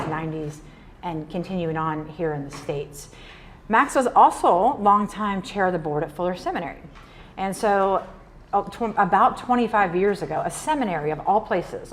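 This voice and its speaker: A woman's voice: fairly low pitch, a little hiss or hum. Chatty woman from Nebraska speaking. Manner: chatty, uses "like" and "y'all". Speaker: keynote speaker. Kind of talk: casual conference talk. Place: luncheon event room.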